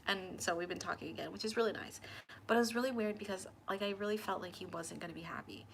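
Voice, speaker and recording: Animated woman telling a personal story. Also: medium pitch, fast, gravelly, a little hiss or hum. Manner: animated, acts out both sides of conversations. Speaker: tarot channel host. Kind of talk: casual storytelling to camera.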